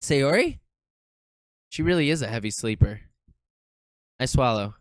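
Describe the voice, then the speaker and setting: A streamer casually commenting and reading game text aloud, animated, swearing and nervously laughing. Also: medium pitch, normal speed, no echo.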